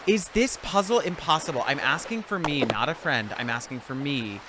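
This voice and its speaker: A man hosting a let's play, chatting casually and joking with friends while solving a puzzle, in an animated, exasperated manner. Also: fairly high pitch, normal speed, very noisy. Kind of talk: casual gaming chat with friends. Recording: loud game music behind voice. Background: loud game music.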